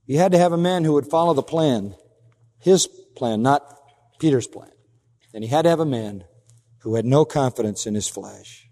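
A man's voice: mid-range voice, lively intonation, normal speed, mellow, in a large hall. A man preaching an expository sermon as pastor, emphatic, acting out quoted lines in a raised voice.

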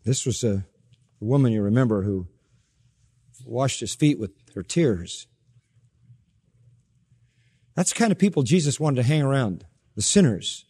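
A man preaching a sermon as pastor, emphatic, with sharp rises in pitch and soft drops at the ends of phrases. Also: animated, measured pace, long pauses, husky, big-room sound.

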